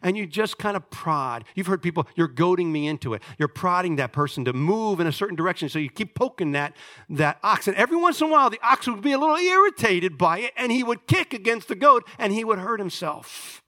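High, bright-voiced animated male preacher. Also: a little fast. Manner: animated, swings from loud emphasis to hushed asides; conversational, with restarts and rhetorical questions. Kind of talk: sermon.

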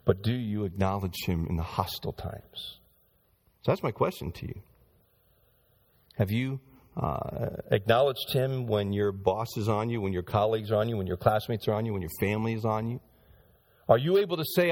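A man's voice: fairly low pitch, lively intonation, normal speed, a little mellow. A male pastor preaching a sermon in church, speaking straight to the congregation and acting out the voices he quotes.

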